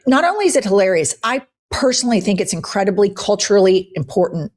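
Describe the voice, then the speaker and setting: A woman's voice: medium pitch, big pitch swings, fast, darkish tone. A woman hosting a political commentary show, talking bluntly, profanely and with heavy emphasis.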